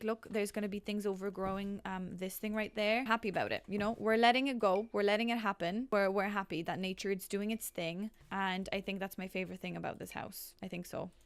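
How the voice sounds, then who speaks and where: A woman's voice: mid-range voice, clean tone, no echo. A young woman giving casual, rambling gameplay commentary while building, full of chatty self-deprecating asides. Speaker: game builder.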